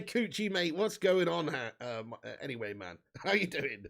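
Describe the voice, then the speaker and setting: A young man hosting a live football watch-along, bantering with the chat, swearing freely and shouting out on big chances. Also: on the high side, sing-song, normal speed, gravelly, hardly any pauses.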